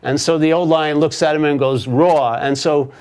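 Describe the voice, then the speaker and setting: A man's voice: fairly high pitch, moderate pace, slight background noise. A man, a spiritual teacher, telling a story casually and often checking in with "yeah?". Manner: casual, animated, tags with "yeah?". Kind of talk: storytelling in a conversation.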